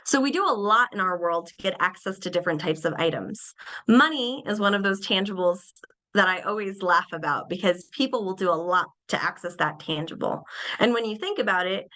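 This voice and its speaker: Young woman presenter, bright and lively, acts out examples in small voices during a webinar lecture. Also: mid-range voice, brisk, rough recording. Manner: animated, acts out little scenes in changed voices. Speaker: behavior analyst presenter.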